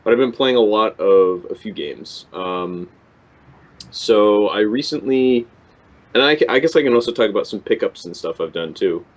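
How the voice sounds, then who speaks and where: A man's voice: lowish voice, lively intonation, moderate pace. A young man co-hosting a podcast, talking casually and hesitantly with many ums and restarts. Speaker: podcast co-host. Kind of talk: casual chat. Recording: dull lo-fi podcast recording.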